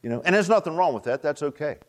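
A man's voice: on the high side, lively intonation, fast talker. A man preaching a sermon in a folksy, repetitive way, often tossing out rhetorical "huh?" asides to the congregation. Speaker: pastor.

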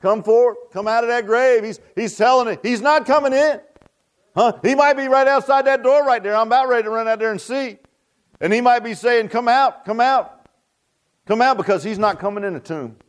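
A man's voice: very high-pitched, brisk. An older man preaching a fervent revival sermon, folksy and repetitive, often tossing out "huh?" to the congregation. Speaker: pastor.

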